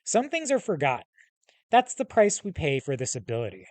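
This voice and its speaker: A man voicing a huge, scarred male hellhound with a calm, commanding manner and measured, formal speech. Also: fairly high pitch, no echo. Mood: formal, assured. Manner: measured, formal speech with slow, stressed titles.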